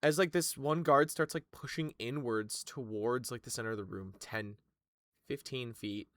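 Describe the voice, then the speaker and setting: A man's voice: medium pitch, normal speed, dry recording. A man narrating a tabletop game as game master, loose and profane, with frequent laughs.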